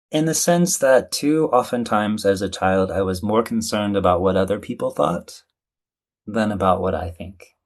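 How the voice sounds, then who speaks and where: A man being interviewed as a communication coach, speaking in an animated, conversational way. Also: on the low side. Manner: animated, playfully acts out quoted voices.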